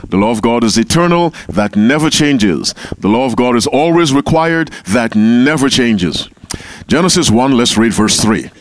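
A man's voice: medium pitch, lively intonation, normal speed. A man leading an interactive Bible class, calling on members by name and repeating key phrases. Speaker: Bible teacher.

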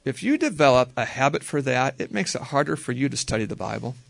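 A man teaching a group how to read the Bible, talking in a relaxed, conversational way and slowly repeating verses. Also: medium pitch, vocal fry, no echo. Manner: relaxed, conversational, slow careful repetition.

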